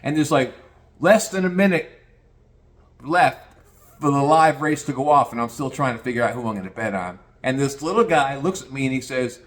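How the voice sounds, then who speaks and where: A man's voice: mid-range voice, normal speed. A man telling a rambling, profane anecdote in a casual conversational way. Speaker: storyteller.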